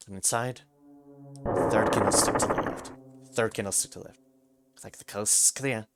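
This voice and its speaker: A man's voice: on the low side, fairly even intonation, normal speed, very noisy. A man streaming a video game, reading its text aloud and muttering reminders to himself.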